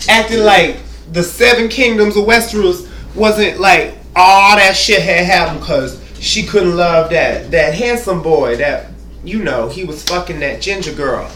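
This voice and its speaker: Sassy high-voiced man in a roomy echo. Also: a little slow, a bit bright, a little hiss or hum. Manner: sassy, profane, rambling, talks to the viewer. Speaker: comedic recap host. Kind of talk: comedic TV recap monologue.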